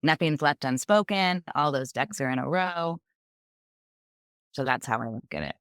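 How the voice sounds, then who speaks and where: Animated middle-aged woman telling stories. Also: low-pitched, moderate pace, gravelly, no room sound, clean studio sound. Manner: animated, acts out quoted dialogue. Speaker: guest, author and business owner. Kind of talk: conversational storytelling.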